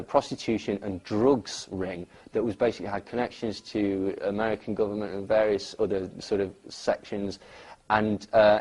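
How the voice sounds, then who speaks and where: Husky, dark-voiced man. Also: lowish voice, rough recording. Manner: rambling, animated, many fillers. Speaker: guest. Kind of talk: conversational interview.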